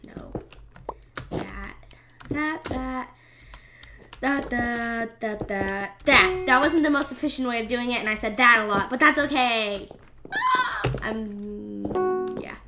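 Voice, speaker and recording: A young woman with a slightly high, gravelly voice talks slowly and unhurriedly while she plays a game. She rambles and teases herself, often dropping to a whisper. Loud music plays behind her voice throughout. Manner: rambling, self-deprecating, drifts into whispered asides. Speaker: gaming channel host. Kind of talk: casual game commentary.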